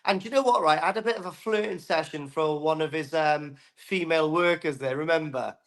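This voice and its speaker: A man joining a live auction as a guest, telling excitable, jokey stories in casual banter. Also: on the high side, brisk. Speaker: guest co-host.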